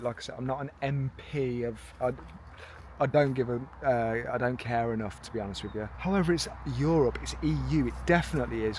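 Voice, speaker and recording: A man's voice: medium pitch, slight background noise. Chatty rambling British man outdoors. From United Kingdom. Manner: rambling, chatty, self-mocking. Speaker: travel vlogger. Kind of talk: casual travel vlog chat. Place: outdoors in a park.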